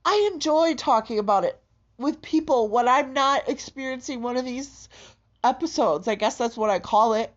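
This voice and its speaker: A woman in a raw confessional monologue, distraught and halting, swearing heavily and breaking into shaky laughter. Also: high-pitched. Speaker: vlogger. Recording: dull lo-fi audio.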